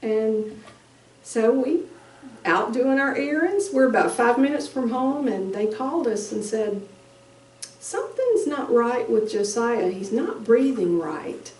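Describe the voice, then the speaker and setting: A middle-aged woman giving a halting, emotional personal testimony as a bereaved mother at a conference. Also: a little high, expressive, darkish tone. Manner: slow, halting, emotional storytelling. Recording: echoey room, distant mic.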